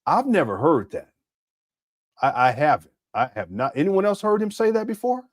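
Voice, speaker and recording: A man's voice: fairly high pitch, big pitch swings, normal speed, no room sound, studio quality. A man hosting a live reaction stream, laughing often, stumbling over his words and talking straight to his chat.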